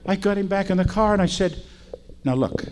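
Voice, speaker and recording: A man's voice: high voice, flat delivery, fast, background noise. An older man preaching in a chatty, storytelling way, often asking his listeners questions. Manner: folksy, chatty, asks the audience. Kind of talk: storytelling sermon.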